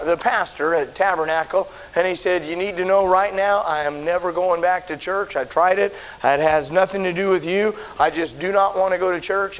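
A man's voice: high voice, rough recording. A middle-aged man, a pastor, telling a story in a sermon in a folksy way in a church auditorium. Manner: folksy storytelling, swelling to shouted preaching. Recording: faint hiss.

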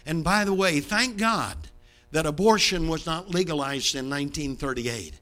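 A man in his seventies from Brooklyn preaching a sermon from the pulpit, dramatic, swinging from loud bursts to low hushed line endings. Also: moderate pace. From Brooklyn, New York. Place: church sanctuary, behind a pulpit.

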